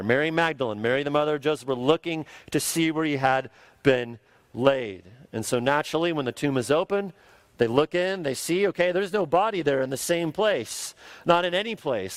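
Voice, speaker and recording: A man's voice: on the high side, no room sound. A man preaching a sermon, emphatic and repeating key words for stress. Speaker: pastor.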